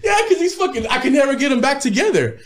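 A man's voice: very high-pitched, sing-song, fast. A man, a rapper guest in his thirties, telling profane, laid-back stories with frequent laughs in a casual interview.

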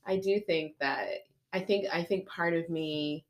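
Teasing woman in her thirties, low voice. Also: a little slow. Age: 30s. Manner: swears freely, playful teasing. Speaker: podcast co-host. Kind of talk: casual chat.

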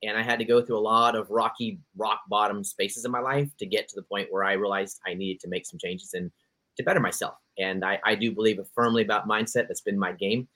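Bright, eager male podcast co-host. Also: on the low side, fairly even intonation, brisk. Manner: enthusiastic, easily sidetracked. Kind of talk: casual podcast chat.

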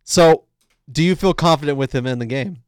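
A man's voice: on the high side, brisk, dry recording, clean studio sound. A man co-hosting a sports podcast, teasing and arguing in casual debate, repeating lines for emphasis. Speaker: podcast co-host.

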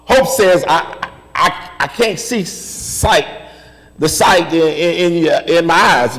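A man preaching with a high, lively voice that swoops up and down. He takes his time, repeating phrases in rhythm and rising to shouts. The sound rings out with the long reverb of a worship hall. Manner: rhythmic repetition, building to shouted refrains. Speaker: pastor. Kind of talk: sermon.

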